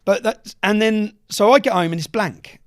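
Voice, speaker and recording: A podcast guest tells stories casually, swearing freely and acting out what other people said. His voice sits high and a bit bright, at a moderate pace.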